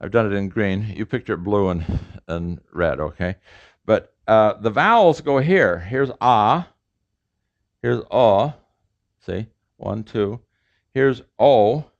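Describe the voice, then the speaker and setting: In a lecture room, this professor explains sounds step by step to his class, using fillers and restarts. His lowish voice is expressive and creaky, and he goes slowly with long pauses, all on a dull, lo-fi lecture recording.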